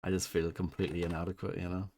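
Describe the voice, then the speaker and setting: Low-voiced man streaming a game. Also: level tone, rapid-fire, gravelly, warm tone, a little hiss or hum. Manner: rambling, self-deprecating, chats with viewers. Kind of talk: casual live gameplay chat.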